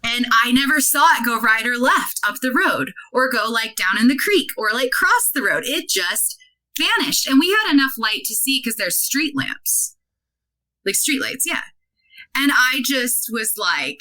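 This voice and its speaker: Guest in her 30s, a woman with a fairly high, sharp voice, chatty and animated, acts out dialogue. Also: unhurried, low-quality recording. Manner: animated, many "like" fillers, acts out quoted dialogue. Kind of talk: casual interview storytelling.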